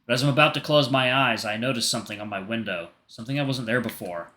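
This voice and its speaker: A man's voice: medium pitch, fast talker, bright, forceful tone. A gaming streamer, a man, reading a story game aloud and breaking off for playful, jokey asides. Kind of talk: reading a visual novel aloud with commentary.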